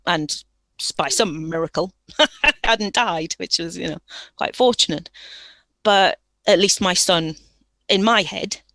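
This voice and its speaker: A woman's voice: lowish voice, fairly bright tone, no echo. Candid woman with a Durham accent. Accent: Durham English. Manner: frank and candid, with rueful laughs. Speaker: interview guest. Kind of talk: personal storytelling in a podcast interview. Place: room at home.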